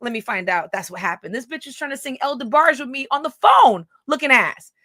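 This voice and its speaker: A woman's voice: high-pitched, very animated, brisk, sharp tone, dry recording. A woman reading out private messages and commenting on them, blunt, profane and sarcastic. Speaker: gossip commentator.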